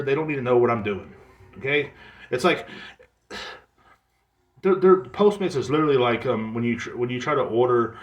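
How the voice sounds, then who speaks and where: A man hosting his own podcast, ranting in a profane, exasperated comedic monologue with quick mimicked asides. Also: medium pitch, a bit bright, roomy sound. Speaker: podcast host. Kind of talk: solo comedic rant.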